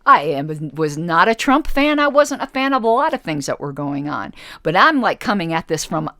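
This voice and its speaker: Woman radio host with a lowish voice, sarcastic and argumentative, arguing back at an article she reads on air. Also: very animated, moderate pace, bright, forceful tone, dry recording, studio quality. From United States. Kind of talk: reading and rebutting an article.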